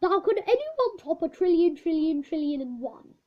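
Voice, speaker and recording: A woman voicing an old male maths teacher who lectures loudly and gets irritated easily. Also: very animated, normal speed. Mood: amused. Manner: loud, lecturing, rising pitch. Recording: dull lo-fi recording.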